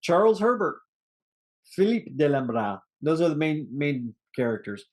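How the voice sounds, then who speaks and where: With a sing-song, somewhat high voice and a slightly slow pace, a man co-hosts a casual movie review podcast. He wanders through cast names, restarting and chuckling at his own jokes.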